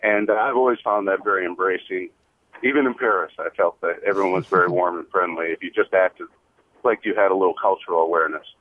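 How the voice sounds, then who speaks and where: A man's voice: low-pitched, quick pace, slight background noise. A man from the United States calling in to a radio show, enthusiastic and rambling. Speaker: caller. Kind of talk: radio call-in comment. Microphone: phone line. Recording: dry phone-line audio.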